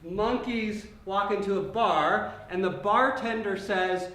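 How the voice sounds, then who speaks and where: A man performing live improv, working out his joke as he goes, with halting starts. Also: high-pitched, pushed and bright. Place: live comedy stage. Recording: roomy stage sound with faint noise.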